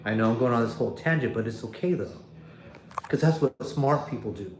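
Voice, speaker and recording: A man's voice: mid-range voice, lively intonation, a little fast, reverberant, slight background noise. A man hosting a casual livestream from his phone, talking bluntly and rambling, with profanity and frequent restarts. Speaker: livestream host.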